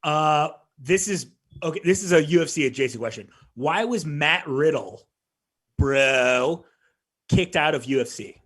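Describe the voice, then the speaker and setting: Quiz-reading podcast host, fairly high voice. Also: male voice, lively intonation, fairly bright tone. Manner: reads quiz questions, quick dry asides. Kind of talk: casual comedic chat.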